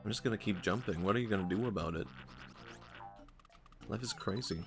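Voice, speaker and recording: A man with a low, gravelly voice rambles through casual gaming commentary. He jokes around and laughs often, with faint game music under him. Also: fairly quick, long pauses. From Sweden. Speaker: streamer.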